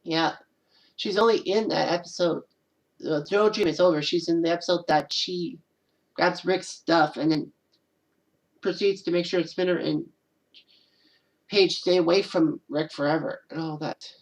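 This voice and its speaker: On her own channel, a woman rambles casually in solo commentary, often tacking on "and all that." Her voice sits on the low side with a steady tone and a measured pace broken by frequent pauses, and the recording quality is low.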